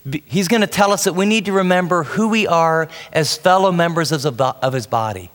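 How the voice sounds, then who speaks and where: A man's voice: on the high side, fairly quick, a bit bright, big-room sound. A man preaching a sermon with emphatic delivery, often asking his listeners questions. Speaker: pastor.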